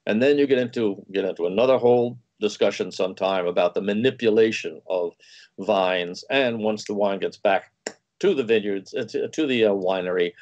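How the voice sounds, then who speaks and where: A man, a food and wine writer, telling anecdotes in a relaxed interview and acting out quoted dialogue. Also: deep voice, lo-fi sound. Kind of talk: anecdotal storytelling in conversation.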